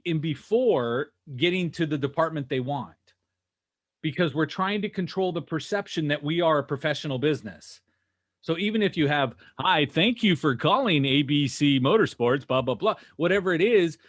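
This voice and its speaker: A man coaching dealership sales staff over a video call, energetic and rhetorical, constantly checking in with "right?" and "okay?". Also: fairly high pitch. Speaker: sales trainer. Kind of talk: animated teaching on a video call.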